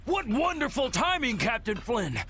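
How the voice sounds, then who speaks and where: An actor playing a pompous middle-aged knight captain in a video game, speaking in a formal, theatrical, indignant way. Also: male voice, very high-pitched, sing-song, moderate pace, heavy background noise.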